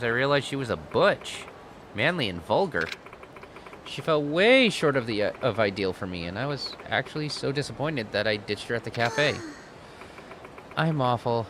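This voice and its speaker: A man's voice: mid-range voice, sharp tone, slight background noise. A man voicing a blunt, self-pitying young woman from a video game in a raised voice.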